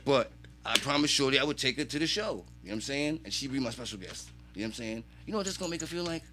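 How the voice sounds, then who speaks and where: Fast animated storyteller man. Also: medium pitch, slight background noise. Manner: animated storyteller, acts out quoted voices, swears freely. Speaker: podcast guest. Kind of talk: casual storytelling.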